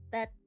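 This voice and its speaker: A young woman streamer in excited casual chat, gushing and swearing, repeating herself with bursts of laughter.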